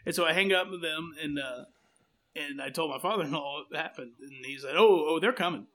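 A man's voice: fairly high pitch, a little fast, fairly bright tone. A man telling a long rambling story in casual chat, acting out what people said. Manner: rambling, self-deprecating, acts out quotes.

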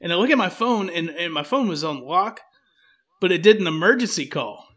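Bright, high-voiced man rambling. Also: animated, fairly quick. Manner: rambling, self-deprecating, acts out quotes. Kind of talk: casual storytelling chat.

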